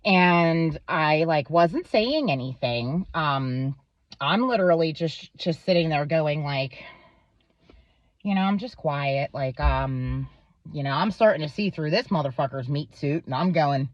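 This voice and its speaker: Woman vlogger, profane rambling rant, lowish voice, dry dull lo-fi sound. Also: animated, unhurried, dry recording. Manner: profane, rambling, full of fillers. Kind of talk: casual ranting monologue to camera.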